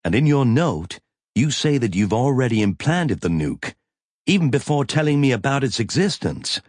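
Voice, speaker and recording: A man's voice: medium pitch, sing-song, normal speed, darkish tone, no room sound, studio quality, pitched above the performer's own voice. A man reading an audiobook, voicing a weary female ship captain who speaks bluntly and with command. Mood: stern.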